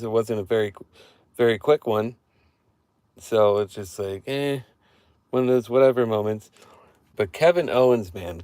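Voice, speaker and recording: Excitable man swearing through a casual recap. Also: fairly low pitch, no room sound. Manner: excited, profane fan rambling with repeated phrases. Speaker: wrestling show reviewer. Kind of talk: casual live-stream recap. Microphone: phone held in hand.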